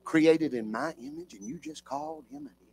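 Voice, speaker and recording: A preacher voicing a gentle rebuking spirit. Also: male voice, fairly high pitch, huge pitch swings, brisk, gravelly, a little hiss or hum, full character voice.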